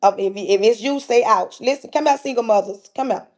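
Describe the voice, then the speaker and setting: High-pitched woman going live, preaching hard at her viewers, repeating herself for emphasis. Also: fairly quick. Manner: emphatic, repetitive, calls out to listeners directly. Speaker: livestream host. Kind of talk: preachy motivational talk.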